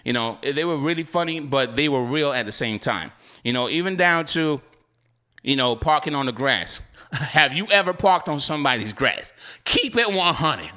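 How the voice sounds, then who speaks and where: A man's voice: fairly high pitch, animated, normal speed, bright, forceful tone. A man hosting a delivery-driver channel, talking casually with viewers, laughing often in slangy banter.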